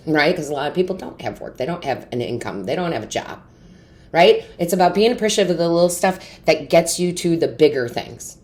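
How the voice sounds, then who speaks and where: Low-voiced woman giving an earnest tarot reading. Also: expressive, fast, darkish tone. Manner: earnest, encouraging, asks many rhetorical questions. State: tearful, emotionally overwhelmed. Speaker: tarot reader. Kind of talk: intuitive tarot reading to camera.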